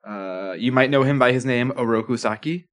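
Man, middle pitch, podcast co-host, animated, shares movie trivia. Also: a little fast. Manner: animated, jumps in with film trivia. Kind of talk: casual movie-review chat.

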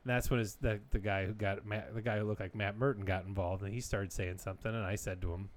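A man in his thirties co-hosting a casual podcast, telling stories with animated energy and frequent laughs. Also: lowish voice, fast. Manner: animated storyteller, laughs often. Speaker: podcast co-host. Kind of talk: casual chat.

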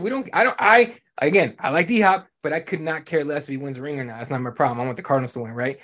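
A man's voice: mid-range voice, quick pace, a bit bright. A man hosting a sports podcast in casual chat, blunt and profane, ranting with lots of animation. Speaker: podcast host.

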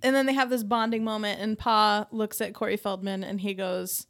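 A woman's voice: mid-range voice, level tone, moderate pace, a bit bright. A woman co-hosting a casual podcast, recapping a TV episode with jokey asides and quoted lines. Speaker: podcast co-host.

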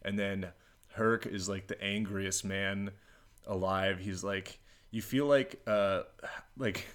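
A man's voice: on the low side, fairly even intonation, slow, a bit bright. A man in casual, joking conversation, rambling with lots of fillers and breaking into silly impressions. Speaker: podcast co-host. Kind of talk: casual comedic chat.

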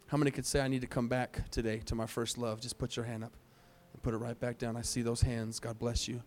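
A man at middle pitch preaching to his congregation in a church service. He pleads earnestly and keeps repeating short phrases as he calls people forward. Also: level tone, quick pace, hardly any pauses, a little mellow. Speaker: pastor. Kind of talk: altar call sermon.

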